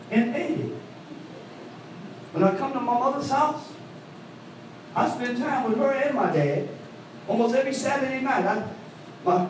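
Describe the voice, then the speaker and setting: High-voiced preacher in an echoey hall. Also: male voice, distant mic, a little hiss or hum. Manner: animated call-and-response preaching, voice swooping high for quoted women. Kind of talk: sermon. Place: church. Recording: echoey hall, mic from afar.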